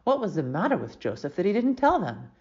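Lady reading a story doing a bossy tough kid girl, blunt and grumbly, lowish voice. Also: very animated, a little fast, darkish tone, dull audio. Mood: indignant.

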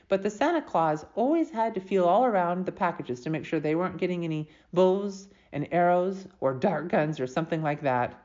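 A woman reading a storybook aloud with lively, expressive narration. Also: low voice, highs cut off.

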